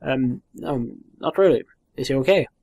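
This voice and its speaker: A man's voice: mid-range voice, normal speed, creaky, a little mellow, husky. Man doing an earnest young boy. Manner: earnest, questioning.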